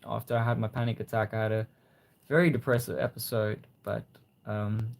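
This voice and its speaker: A young man hosting a casual livestream, reading viewer comments and gently encouraging them. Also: lowish voice, little pitch movement, fairly quick, creaky. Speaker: livestream host.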